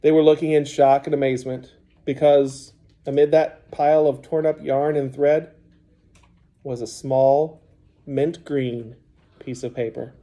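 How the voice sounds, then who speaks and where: A man narrating a children's audiobook in a measured storytelling manner. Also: medium pitch, steady tone, warm tone.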